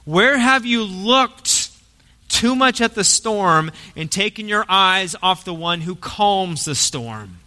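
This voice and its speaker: A man preaching in a church, his voice high and strikingly bright. He shifts between hushed, gentle passages and loud, forceful emphasis. The sound carries a long hall reverb. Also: animated, slow pace. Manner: dynamic preaching, swings from soft to forceful. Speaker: pastor. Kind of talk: sermon.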